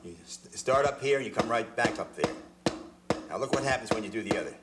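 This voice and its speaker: A man's voice: lowish voice, expressive, fast, echoey room, heavy background noise. A man giving a hands-on drum lesson, explaining technique step by step and often repeating words as he demonstrates. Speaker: drum teacher. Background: drum hits between phrases.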